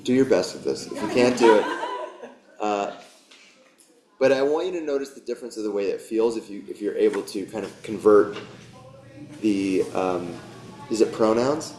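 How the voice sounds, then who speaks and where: A man with a lowish, slightly mellow voice speaks at a normal pace, pausing often. He leads a yoga teacher training class in a warm studio, chatting, joking and encouraging the group in casual class talk. The room sounds echoey.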